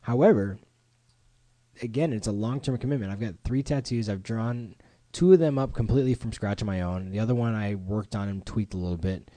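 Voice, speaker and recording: A man hosting a casual podcast chat in a home studio, animated and playful, acting out quoted voices. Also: on the low side, a little fast, no room sound. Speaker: podcast host.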